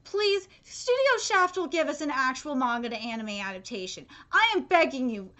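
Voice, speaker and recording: High, lively, exasperated woman ranting. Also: normal speed. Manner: exasperated, profane, emphatic, frequent fillers and restarts. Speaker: anime reaction streamer. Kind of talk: live reaction rant.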